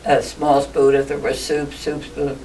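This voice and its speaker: A woman's voice: very deep voice, level tone, measured pace, dark tone. An older woman telling stories in a group interview, chatty and laughing often. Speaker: interviewee, ballooning pioneer. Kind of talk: casual storytelling interview. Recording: distant mic with faint noise.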